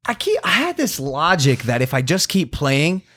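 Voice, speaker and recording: A young man in his twenties co-hosting a podcast, laid-back and self-mocking, often halting mid-sentence. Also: fairly high pitch, huge pitch swings, a bit bright. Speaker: podcast co-host. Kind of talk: casual chat.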